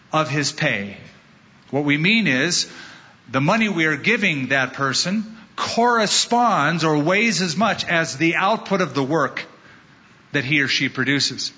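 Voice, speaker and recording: Bright-voiced American pastor preaching. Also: male voice, on the high side, muffled recording. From California, United States. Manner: measured, emphatic preaching with anecdotes. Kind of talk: sermon.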